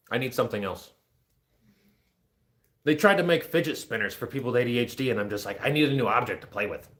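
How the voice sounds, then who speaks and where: A man's voice: medium pitch, moderate pace, long pauses, a bit bright. A man in his thirties chatting casually on a livestream, joking, self-deprecating and easily distracted. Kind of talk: casual rambling livestream chat.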